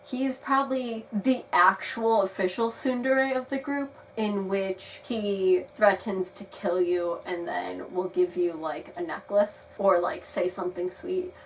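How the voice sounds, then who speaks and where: A woman's voice: medium pitch, measured pace. A young woman giving a chatty, rambling video review of a game, laughing now and then. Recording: slightly distant mic with faint noise.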